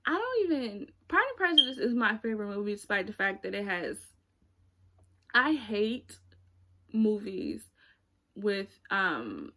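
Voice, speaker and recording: A young woman talks casually into her camera about movies, her thoughts rambling as she hunts for the right words. Her voice sits at an ordinary middle pitch, and she fills pauses with likes and ums. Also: big pitch swings, a bit bright. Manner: rambling, searching for words, frequent fillers. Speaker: YouTuber reviewing movies. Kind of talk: casual chat.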